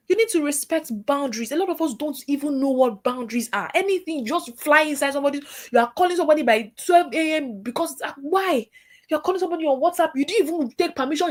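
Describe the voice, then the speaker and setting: A woman giving a workshop lecture to trainees in a lively, scolding way. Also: high voice. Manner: lively, scolding, acts out caller voices.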